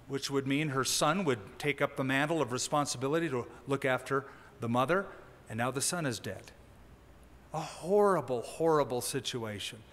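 A man preaching a sermon as a pastor, teaching in a conversational way with lively emphasis. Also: mid-range voice, long reverb tail. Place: church sanctuary.

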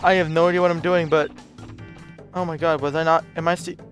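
Over game music, a man with a slightly high, fairly monotone voice comments briskly on the video game he's playing. Frustration shows as he curses frequently and mumbles under his breath, a typical let's play gamer.

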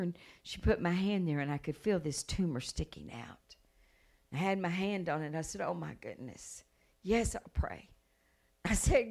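A woman evangelist telling a healing story in a sermon, acting out the people she quotes and rising to loud praise. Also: low voice, lively intonation, moderate pace, vocal fry. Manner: storytelling with acted quotes, building to shouted praise. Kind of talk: sermon testimony.

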